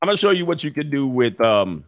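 Man, stream host, comedic slangy rant, lively rising and falling pitch, dry sound. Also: fast talker, dry recording. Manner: animated, laughing, slangy.

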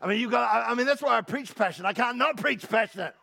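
A male pastor preaching a passionate sermon at a church service, stumbling over repeated words, breaking into laughter and rising to shouts. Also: extremely high pitch, fast, gravelly, husky.

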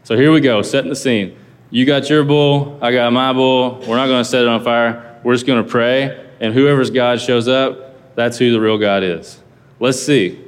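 A man, a pastor, giving a casual, conversational sermon, reading scripture aloud and explaining it with lively asides. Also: mid-range voice, normal speed, smooth, big-room sound.

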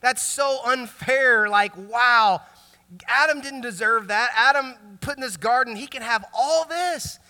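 A man preaching a sermon as pastor, animated and joking, in a casual conversational way with lots of filler words. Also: very high voice, a little slow. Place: large church hall. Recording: long hall reverb in a church.

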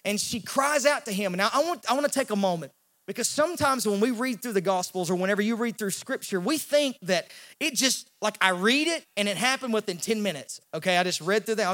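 A male pastor, preaching a sermon in an animated way and acting out the voices in the story. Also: high-pitched, fast. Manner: animated, acts out quoted voices, repeats words when he restarts.

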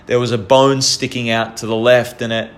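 Young Australian man, casual storyteller, earnest, halting, lots of restarts. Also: medium pitch, little pitch movement.

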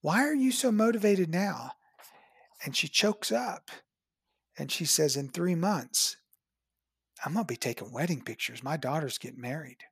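Woman dentist, animated storyteller; breathy, dry close mic. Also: deep voice, moderate pace, long pauses, no room sound. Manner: animated storyteller, acts out quoted dialogue. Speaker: dentist, podcast guest. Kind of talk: casual conversation, storytelling.

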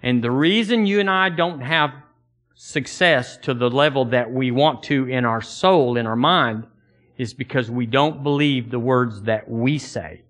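A man's voice: mid-range voice, unhurried, fairly bright tone. A man preaching a sermon to his congregation, folksy and conversational, often repeating words as he builds a point and quoting old-fashioned scripture. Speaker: pastor.

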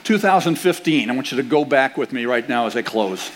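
A man's voice: mid-range voice, lively intonation, a little fast, slight background noise. Older man preaching conversationally. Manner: conversational preaching, rhetorical questions, mock-angry asides. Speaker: pastor. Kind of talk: sermon. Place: church sanctuary.

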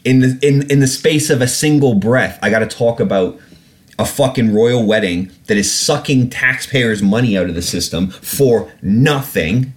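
This man hosts a podcast, speaking at normal speed with a medium-pitched voice. He rants casually with sarcasm and lots of swearing, getting irate again and again before apologizing.

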